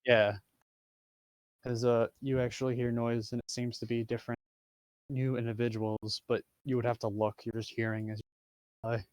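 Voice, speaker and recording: A man narrating as game master of a tabletop game, halting with many fillers. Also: mid-range voice, little pitch movement, a little mellow, clean tone, no room sound.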